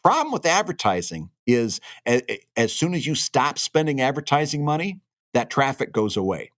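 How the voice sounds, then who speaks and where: A man's voice: medium pitch, big pitch swings, normal speed, fairly bright tone, no room sound, clean studio sound. A man co-hosting a cartoonists' podcast, giving emphatic, opinionated advice in casual shop talk.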